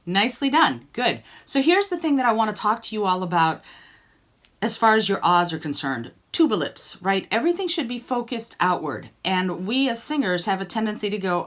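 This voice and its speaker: A woman's voice: mid-range voice, big pitch swings, normal speed, a bit bright. A woman singing teacher coaching students by name in an online group lesson, encouraging them and demonstrating sung vowels.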